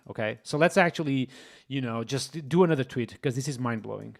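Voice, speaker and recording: A man hosting a live coding stream, excitable and exclaiming as he talks to his chat. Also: medium pitch, brisk. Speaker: streamer, host.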